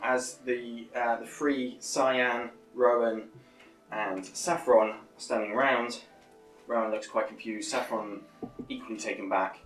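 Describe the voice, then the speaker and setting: A man's voice: mid-range voice, fairly even intonation, measured pace, fairly bright tone, reverberant, recorded from a distance, soft background music, poor audio. A man narrating a tabletop game as game master, rambling with many fillers and restarts.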